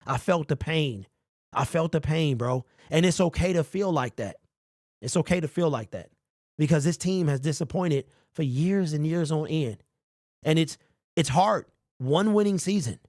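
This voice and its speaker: A man hosting a sports fan call-in show, talking in an energetic, slangy way. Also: fairly high pitch, normal speed, no echo, studio quality. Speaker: postgame show host.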